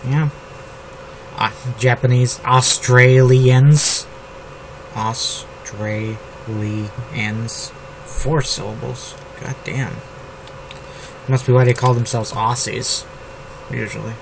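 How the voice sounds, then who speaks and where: A man from the United States drafting his novel out loud, repeating words and phrases as he types them. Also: medium pitch, fairly even intonation, slow, creaky, long pauses, background noise. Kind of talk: thinking aloud while drafting a novel. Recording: loud keyboard typing over the voice. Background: keyboard typing.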